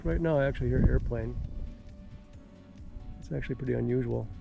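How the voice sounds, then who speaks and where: A man's voice: medium pitch, vocal fry, over music. A man from Minnesota with a mixed Minnesota and Georgia accent, chatting casually and unhurriedly as a vlogger outdoors on his desert ranch. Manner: rambling, unhurried, folksy. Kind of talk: casual vlog chat.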